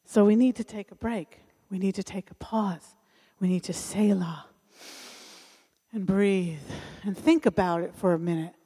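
A woman's voice: mid-range voice, a little slow, dark tone, breathy edge. Woman preaching in a reverberant hall. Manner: earnest storytelling, acts out quoted voices. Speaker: speaker at a church service. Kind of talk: sermon with personal testimony.

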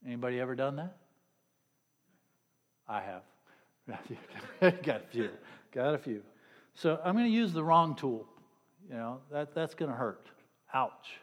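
A man's voice: medium pitch, expressive, slow, pauses often. A middle-aged man preaching a sermon in a loose, conversational way, with sarcastic asides and jokes for the congregation. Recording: long reverb of a hall.

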